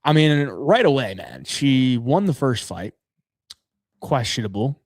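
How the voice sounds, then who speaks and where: A man's voice: mid-range voice, sing-song, unhurried, dry recording, clean studio sound. A man co-hosting a podcast, chatting casually in a laid-back, easygoing way. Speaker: podcast co-host. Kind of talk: casual betting show chat.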